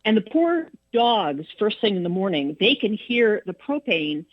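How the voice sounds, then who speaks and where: A middle-aged woman tells stories from her radio years in an animated way, jumping high in pitch as she acts out what people said. Her voice is a bit husky. The recording is dry and somewhat dull. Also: unhurried, no room sound. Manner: animated storyteller, acts out quotes with big pitch jumps. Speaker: former radio personality, guest. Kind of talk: storytelling interview. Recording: dull, dry low-fi studio sound.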